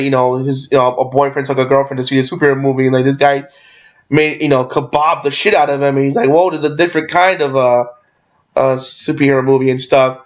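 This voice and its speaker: A man recapping a movie in a casual, rambling way, full of fillers and restarts. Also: fairly high pitch. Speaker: movie reviewer. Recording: dull lo-fi sound.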